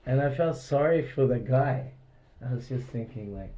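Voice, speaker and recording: Indoors in a private house, a man gives an informal devotional class, telling rambling stories packed with "like" fillers and acting out the dialogue. His voice is medium-pitched and mellow at a moderate pace, and the audio sounds dull.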